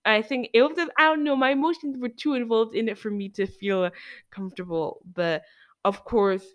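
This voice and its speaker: A woman with a fairly high voice chatting casually as a podcast co-host. She retells scenes in an animated, lively way. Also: moderate pace. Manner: animated, acts out scenes with excited outbursts. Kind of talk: casual movie-review chat.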